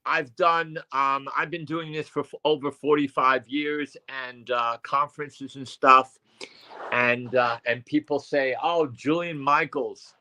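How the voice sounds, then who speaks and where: Older male guest, slow and rambling, lots of restarts. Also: mid-range voice, steady tone, pushed and bright. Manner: rambling, halting, many fillers and restarts. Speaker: psychic medium co-host. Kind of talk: casual chat. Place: at home.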